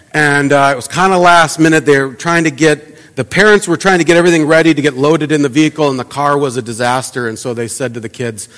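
A man preaches to his congregation in a relaxed, conversational way, tossing in rhetorical questions and little acted-out asides. His voice sits a touch above the usual male pitch. A long reverb from the church hall trails behind each phrase. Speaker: pastor. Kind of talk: sermon. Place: church sanctuary.

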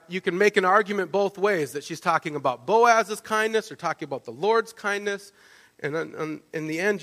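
A man preaching a sermon, telling the story in a lively way and often checking in with "right?". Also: sits high. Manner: animated storytelling, with frequent restarts and "right?" asides. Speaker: pastor. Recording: long reverb of a large hall.

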